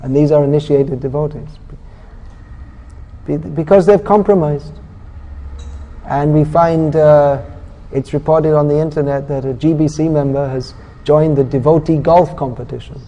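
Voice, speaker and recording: A man preaching a sermon in a scripture class, with a very dark, mellow tone that sits a little high for a man. He talks bluntly and with a sarcastic edge, scolding his listeners. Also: steady tone, moderate pace, low-quality recording.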